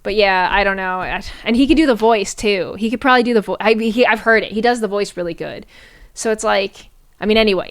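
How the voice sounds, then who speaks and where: A woman's voice: medium pitch, fast talker. A young adult woman streamer chatting casually to her viewers, swearing and using slang, often laughing.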